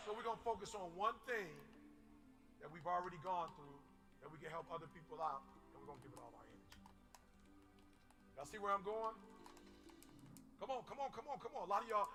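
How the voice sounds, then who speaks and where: A man preaching a fervent motivational sermon, shouting at times and rallying listeners with repeated calls to come on. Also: high-pitched, animated, brisk, pauses often. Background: music playing under the speech.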